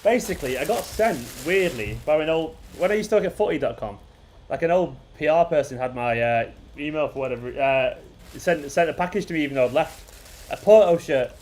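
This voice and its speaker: Brisk and fairly high-pitched, with a darkish tone, this man runs a casual live watchalong chat for his football fan channel. His talk wanders, he chuckles along the way, and he often restarts what he's saying.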